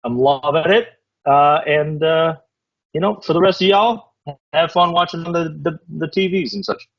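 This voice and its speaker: A man's voice: a little high, normal speed. A man casually co-hosting a fantasy football recap, laid-back and rambling, laughing often. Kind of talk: casual chat. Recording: dull lo-fi recording.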